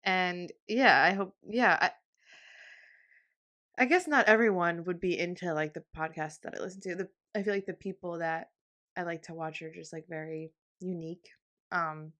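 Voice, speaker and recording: Speaking at normal speed in a medium-pitched, slightly bright voice, a podcast host in her twenties rambles through a casual solo episode. She uses plenty of fillers and laughs, but becomes emotional and close to crying.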